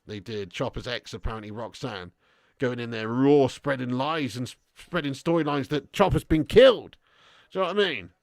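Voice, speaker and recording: A man's voice: medium pitch, normal speed, vocal fry, dry recording, studio quality. A tired man hosting a live football watch-along, reading viewer messages with sweary, blokey banter. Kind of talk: live stream chat reading super chats.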